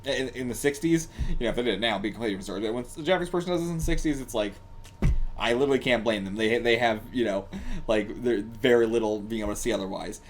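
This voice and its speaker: A man hosting a casual reaction commentary, excitable and laughing often, swearing freely and rambling with lots of fillers. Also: medium pitch, quick pace, a little hiss or hum. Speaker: reaction channel host.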